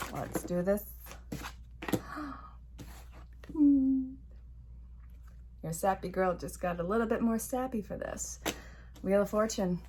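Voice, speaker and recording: A woman's voice: medium pitch, a little hiss or hum. Chatty woman doing a tarot reading. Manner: chatty, talks to the viewer and to spirit while drawing cards; encouraging, emphatic repetitions. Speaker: tarot reader and life coach. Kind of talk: casual tarot reading to camera.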